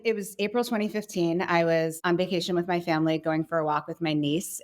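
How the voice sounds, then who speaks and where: Guest spot: woman, 30s, low voice, reflective storyteller, loose with fillers. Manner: reflective, many fillers like "you know" and "kind of". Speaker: guest, company co-founder and CEO. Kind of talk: conversational podcast interview.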